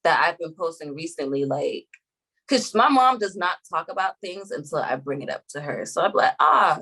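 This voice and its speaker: A woman's voice: deep voice, expressive, a bit bright, poor audio. A young woman chatting casually as a podcast guest, telling stories with lots of "like" and easy laughs. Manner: chatty storyteller, heavy use of "like", quick laughs. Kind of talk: casual chat.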